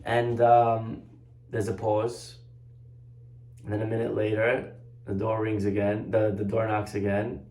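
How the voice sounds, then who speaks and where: Animated man telling a teaching story. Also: on the low side, unhurried. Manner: animated storyteller, acts out quotes. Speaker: rabbi teacher. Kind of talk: storytelling Torah lesson. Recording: echoey room.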